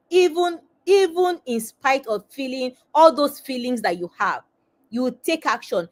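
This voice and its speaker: A woman's voice: high-pitched, animated, a little slow. A woman hosting a live webinar as a confidence coach, talking straight to her viewers and repeating phrases for emphasis.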